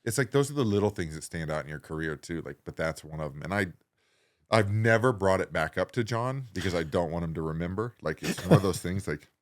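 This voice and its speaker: A man in his forties, a guest on an interview show, telling a story in a lively way that swings between loud excited bursts and quiet low asides. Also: fairly quick. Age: 40s. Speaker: guest, professional wrestler.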